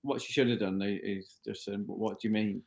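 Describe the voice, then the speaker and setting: A man's voice: lowish voice, fairly even intonation, brisk, vocal fry, darkish tone. A man co-hosting a podcast in casual chat, often restarting his sentences as he thinks aloud. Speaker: podcast co-host.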